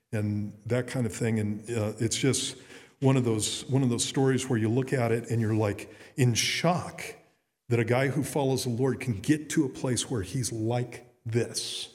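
A man's voice: medium pitch, a little mellow. A middle-aged man, a pastor, preaching earnestly in a conversational way with frequent restarts. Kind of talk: sermon. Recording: long reverb in a hall.

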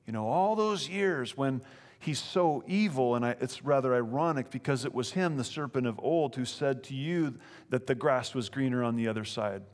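A man's voice: medium pitch, moderate pace. A man preaching in a church sanctuary, reading scripture aloud and then expounding on it. His delivery is earnest and emphatic, often doubling back on phrases for weight. A long reverb from the big room trails behind each line. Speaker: pastor.

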